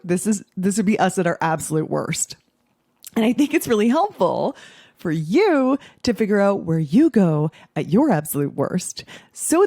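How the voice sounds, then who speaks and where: Woman podcast host, 40s, blunt and salty coaching talk, very animated pitch, dry close sound. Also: no room sound. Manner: blunt, profane, playful. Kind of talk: casual podcast monologue.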